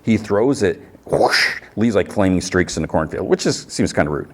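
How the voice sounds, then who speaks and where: Deep-voiced man rambling through a recap. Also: animated, moderate pace. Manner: rambling, filler-heavy retelling with chuckles. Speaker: podcast host. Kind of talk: casual episode recap.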